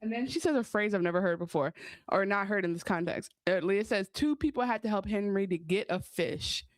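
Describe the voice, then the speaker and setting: A woman's voice: medium pitch, brisk, no echo. A woman co-hosting a casual podcast, chatting about a TV episode and reading viewer comments aloud. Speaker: podcast co-host. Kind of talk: casual recap chat.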